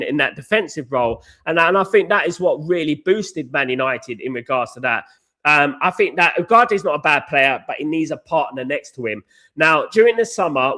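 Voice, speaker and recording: A man hosting a casual football live stream, reading out viewer comments and chatting through transfer news, his voice a little hoarse. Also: fairly high pitch, sharp tone. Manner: chatty, repeats "of course, guys", greets chat viewers by name. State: slightly hoarse. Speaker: football podcast host. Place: hotel or flat in Naples, indoors.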